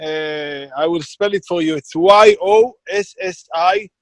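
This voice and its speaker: A man's voice: high voice, unhurried, no echo. A man who runs a catering business, talking bluntly and with emphasis as an interview guest. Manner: emphatic, blunt, self-described perfectionist. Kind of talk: casual interview conversation.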